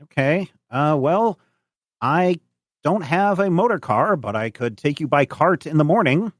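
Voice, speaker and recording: A man doing a wiry old farmer in a tabletop game, speaking in a strained, high-pitched voice that sits far above his own. He is blunt and gruff with strangers, and the sound is dry and close. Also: expressive, a little slow, no room sound. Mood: gruffly hospitable. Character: thin old male farmer, gruff and suspicious.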